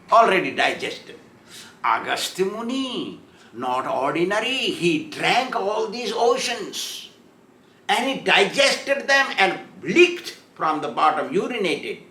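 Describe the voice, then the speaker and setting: A man gives a storytelling sermon, chuckling as he goes and acting out the voices in the story. His voice is high and bright, and he speaks slowly. The room echoes. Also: big pitch swings. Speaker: spiritual teacher.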